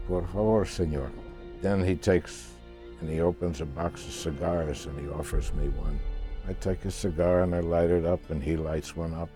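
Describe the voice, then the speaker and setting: An older man telling a story casually, halting now and then and repeating words as he searches for them. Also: deep voice. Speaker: interviewee recounting a past voyage.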